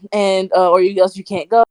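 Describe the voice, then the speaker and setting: A woman's voice: mid-range voice, steady tone, measured pace, darkish tone, no echo. A woman co-hosting a casual podcast over a video call, rambling with lots of fillers and laughing often. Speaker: podcast co-host.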